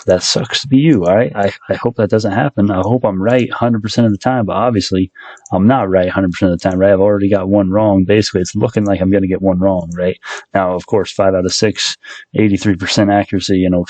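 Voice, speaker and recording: A man's voice: low voice, a little mellow, dry recording. A college-aged man rambling through casual stock market commentary, breaking into rants as the channel host. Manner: rambling, self-interrupting rants. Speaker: stock vlogger.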